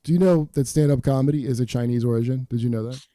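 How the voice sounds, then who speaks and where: A man's voice: mid-range voice, steady tone, quick pace, dark tone, no room sound, clean studio sound. A man hosting a podcast, trading wry, teasing banter in casual chat. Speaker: podcast host.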